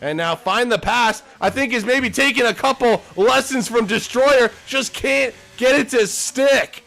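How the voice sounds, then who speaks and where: A man's voice: extremely high pitch, unhurried, vocal fry, sharp tone. Joking, foul-mouthed male race commentator. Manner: casual, joking, swears freely. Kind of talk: live sim racing commentary.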